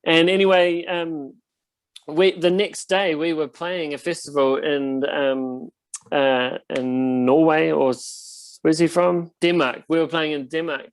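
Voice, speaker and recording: A man's voice: fairly high pitch, steady tone, takes it slowly, clear, resonant tone, dry recording. A young man, a touring band musician telling stories in a casual interview, rambling with lots of fillers. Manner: laid-back, rambling storyteller with many fillers.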